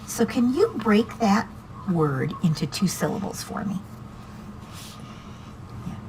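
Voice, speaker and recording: A woman's voice: medium pitch, big pitch swings, takes it slowly, noisy background. A woman teaching reading one-on-one to a student, patient and encouraging, asking many questions.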